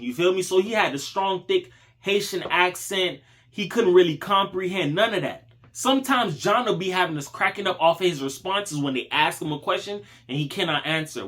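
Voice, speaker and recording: Animated high-voiced man giving street advice. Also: normal speed. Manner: animated, slangy street talk, addresses listener as dog and bro. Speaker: channel host. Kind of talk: casual motivational monologue.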